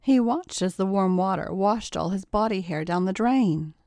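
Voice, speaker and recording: A woman narrating a scripted story at a steady, even pace. Her voice sits in a plain middle register, and the recording is dry and close, with no room echo. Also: mid-range voice, normal speed.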